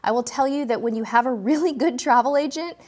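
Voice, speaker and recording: A woman in her forties, a cruise vlogger, chatting warmly and emotionally to viewers during a live stream, choked up at times. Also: high voice, quick pace. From California, US. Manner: chatty, gushing, talks straight to viewers in the chat.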